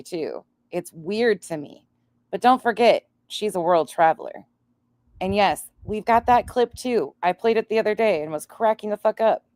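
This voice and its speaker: A woman's voice: sits low, a little mellow, dry recording. Blunt nasal Midwestern woman. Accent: upper Midwest. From North Dakota, raised in Montana. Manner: blunt, profane, laughing. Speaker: commentary streamer. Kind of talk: casual reaction commentary.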